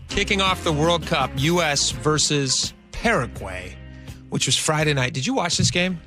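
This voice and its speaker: A man's voice: on the high side, big pitch swings, normal speed, bright, forceful tone, faint music behind. A man co-hosting a radio talk show, chatting and joking casually with his co-host. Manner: chatty, joking, easily amused.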